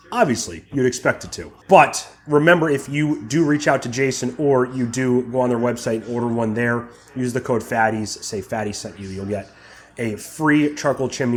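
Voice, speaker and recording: A young man hosting his barbecue channel, chatting casually while tasting brisket and sometimes talking with his mouth full. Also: mid-range voice. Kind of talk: casual cooking vlog, tasting and reviewing.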